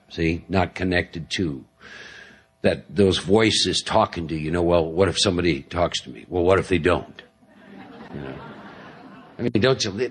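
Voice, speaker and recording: A man with a husky, slightly breathy voice gives a talk to a live audience at a recovery meeting. He speaks conversationally and likes to joke, acts out little inner voices, and keeps checking in with his listeners. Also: on the low side.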